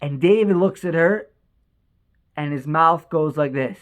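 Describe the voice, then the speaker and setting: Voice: medium pitch, unhurried. A storyteller telling an inspirational religious story with emotion, repeating words and restarting sentences.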